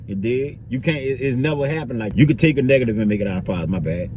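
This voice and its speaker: A man's voice: medium pitch, lively intonation, racing, a little mellow, a little hiss or hum. A man vlogging in a loose, slangy street-talk monologue, filling it with "you dig" and "bro".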